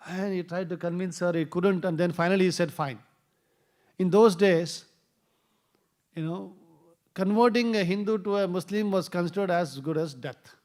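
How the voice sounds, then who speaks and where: A man tells a scripture story in a temple class. His voice sits fairly high, and it lifts when he acts out the characters' lines. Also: normal speed, a little mellow. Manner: storytelling, acts out quoted dialogue with rising voice. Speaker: temple speaker. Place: temple hall.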